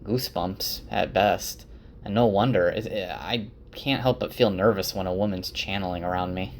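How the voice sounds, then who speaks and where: A man's voice: deep voice, moderate pace, a little hiss or hum. A man doing a defensive, volatile young man.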